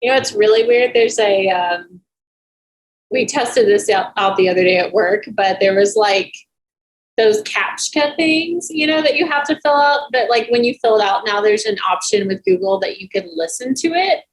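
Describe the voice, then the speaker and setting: A woman's voice: mid-range voice, normal speed, rough recording. Chatty woman filmmaker on a video call. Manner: chatty, animated, laughs easily. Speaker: filmmaker guest. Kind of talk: casual video-call interview.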